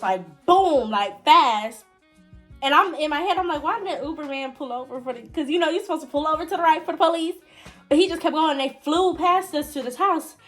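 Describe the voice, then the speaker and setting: Addressing her viewers directly, a young woman tells them a story in a casual, chatty manner. Her pitch rises and falls dramatically whenever things get exciting.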